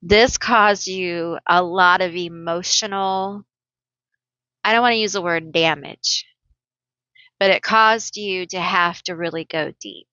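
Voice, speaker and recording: Woman doing a tarot reading, bright voice, slow chatty talk, kinda dull dry audio. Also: lowish voice, smooth, no room sound. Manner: chatty, emotional, thinking aloud while pulling cards. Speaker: tarot reader. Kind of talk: casual tarot reading to viewers.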